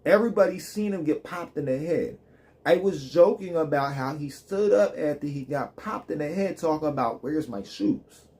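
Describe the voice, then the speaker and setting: A man's voice: fairly high pitch, moderate pace, a little mellow. A man live streaming, ranting in loose, joking street slang with plenty of swearing. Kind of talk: casual profane rant.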